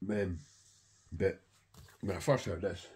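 A man's voice: sits low, slow pace, a little mellow, a little hiss or hum. A middle-aged man and record collector chatting casually to camera, rambling and swearing heavily with enthusiasm.

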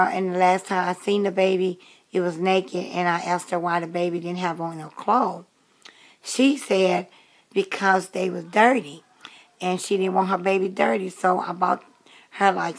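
A woman's voice: fairly low pitch, steady tone, moderate pace. A woman in her late fifties chatting casually to camera in a rambling way, with many fillers and restarts. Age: 50s. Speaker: vlogger.

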